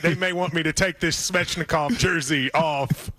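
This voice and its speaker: A male talk radio host with a high, bright voice that sounds forceful. He bounces through casual banter and keeps cutting in to push back. He speaks close to a studio microphone. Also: normal speed. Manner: animated, interrupting, "wait a minute".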